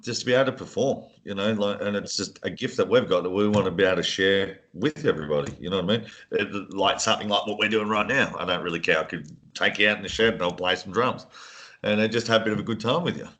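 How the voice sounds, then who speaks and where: A man's voice: on the low side, quick pace, fairly bright tone. A man, a drummer, chatting as a guest with many fillers and frequent laughs. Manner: laughs often, hedging filler words. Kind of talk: casual interview.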